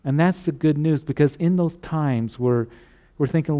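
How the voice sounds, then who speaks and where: Male pastor mid-sermon, dark mellow tone, earnest and repetitive, hushed for emphasis. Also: a little high, moderate pace. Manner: earnest preaching with repeated phrases, drops to a hush on key lines.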